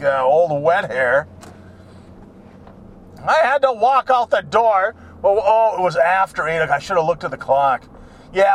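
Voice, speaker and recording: A man rambling in a monologue, ranting and swearing, mocking people by putting on their voices. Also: sits high. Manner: ranting, profane, mocks people in put-on voices.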